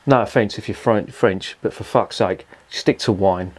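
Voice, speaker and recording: A man with a slightly low voice. He swears constantly and rambles, talking in an exasperated ranting way. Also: moderate pace, husky. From England. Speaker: beer reviewer. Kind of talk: casual profane rant.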